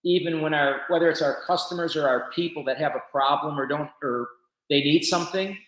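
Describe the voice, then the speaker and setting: A man with a fairly high voice tells a founder's story in a relaxed interview, acting out what others said to him. He sounds animated and talkative. The room adds a clear echo around his voice. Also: brisk. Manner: animated storyteller who quotes conversations. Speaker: business founder, guest.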